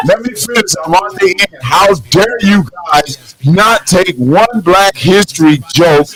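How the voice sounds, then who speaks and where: A man doing stand-up on a live stage, his voice sitting a bit high. He tells his story loudly and with plenty of swearing, and laughs at his own punchlines. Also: poor audio. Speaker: stand-up comedian.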